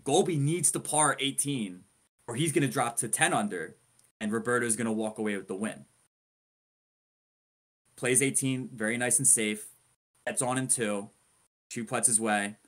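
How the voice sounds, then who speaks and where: A man of ordinary pitch spins a story for his podcast co-hosts. He builds tension step by step, leans hard on key words for drama, and slips into animated, indignant asides. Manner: dramatic build-ups and emphasis. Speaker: podcast co-host. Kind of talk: casual storytelling.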